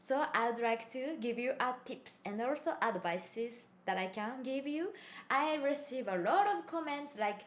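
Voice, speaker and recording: A woman whose first language is Japanese chats playfully on a live stream, giggling and slipping in Japanese phrases. Her voice is a little high, animated and slightly slow, in an echoey room with faint ambient noise.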